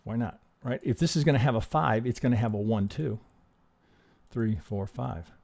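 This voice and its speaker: A trading educator on a live stream goes over charts in a casual, profane way, talking himself through them with rhetorical questions. His voice sits mid-range at a normal speed, with vocal fry and a slightly mellow quality.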